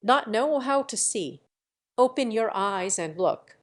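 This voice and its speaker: A woman's voice: fairly high pitch, animated, takes it slowly. A woman reading the part of an impulsive older noblewoman and mother, abrupt and commanding in manner. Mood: brusque.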